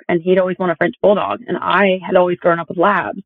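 A woman's voice: lowish voice, level tone, fast, no room sound. Woman, podcast guest, talkative with restarts, phone-like dry audio. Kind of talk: casual chat. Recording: tinny phone-like call audio.

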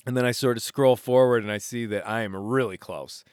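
A man hosting a podcast, casually retelling an adventure in a rambling, animated way with self-interrupting restarts. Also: mid-range voice, a little fast, smooth, no echo, clean studio sound. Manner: rambling, animated retelling with laughs and acted quotes. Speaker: podcast host. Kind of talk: casual storytelling monologue.

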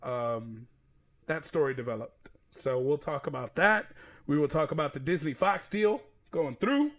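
A man in his thirties hosting a podcast, casual and profane, excitable and quick to laugh. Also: a little high. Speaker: podcast host.

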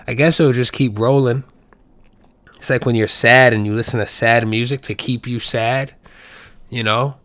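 A man's voice: medium pitch, fairly even intonation, measured pace, a bit bright, dry recording. A man hosting his own podcast, talking casually with profanity and rambling playful asides. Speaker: podcast host. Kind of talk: casual solo podcast monologue.

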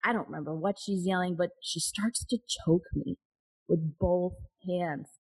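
A woman's voice: lowish voice, normal speed, a little mellow, breathy edge, low-quality recording. A woman guest telling a personal story in an interview, candid and open, laughing now and then. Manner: candid, with frequent restarts and nervous laughs.

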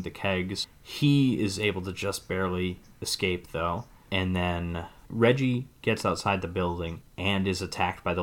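A man co-hosting a podcast, casually recapping a film's plot in a rambling way, hedging often. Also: sits low. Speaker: podcast co-host. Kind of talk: casual movie recap chat.

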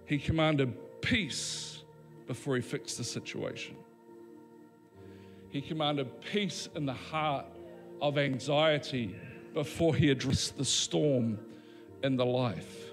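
A man preaching a sermon in a fairly high voice, slowing down for weight and acting out the quoted lines with real emphasis. Soft keyboard music plays quietly underneath him. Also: big-room sound. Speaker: pastor.

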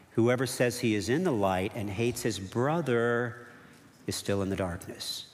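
A male pastor preaching a sermon, animated, acting out quoted voices and dropping to hushed asides. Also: mid-range voice. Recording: long reverb of a church hall.

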